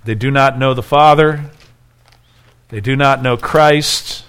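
A man's voice: mid-range voice, takes it slowly, fairly bright tone, clean tone. A man preaching an expository sermon, reading scripture aloud and explaining it, rising in intensity when he voices the people in the text. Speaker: pastor.

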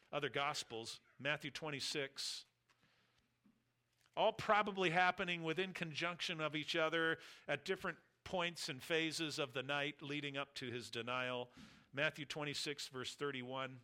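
A man's voice: on the high side, moderate pace, sharp tone. A middle-aged man preaching an expository sermon, reading scripture aloud and acting out the speakers' words.

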